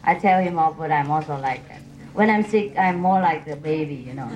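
A woman's voice: sits low, a little fast, lo-fi sound, crowd noise. A woman spiritual teacher answering questions from a gathering in non-native English, playful and laughing often.

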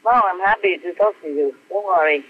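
An older woman, a spiritual teacher, answers questions over a video call with phone-quality sound. Her lowish voice moves fairly quickly as she chats playfully in a casual storytelling way, often laughing and repeating her words.

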